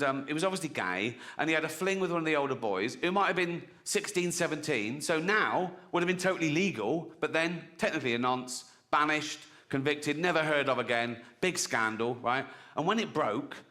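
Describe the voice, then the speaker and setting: A man's voice: on the high side, pushed and bright. A middle-aged man doing stand-up, talking bluntly and chattily and often laughing at his own jokes. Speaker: stand-up comedian. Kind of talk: stand-up comedy set. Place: live venue with audience. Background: audience laughter and applause.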